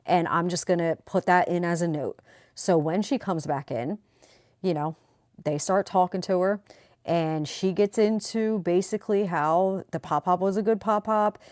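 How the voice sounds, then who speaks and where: A woman recapping a court trial in a chatty, animated vlog style. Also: on the low side, moderate pace, dry recording, clean studio sound. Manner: chatty, animated retelling with quoted voices. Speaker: true crime commentator.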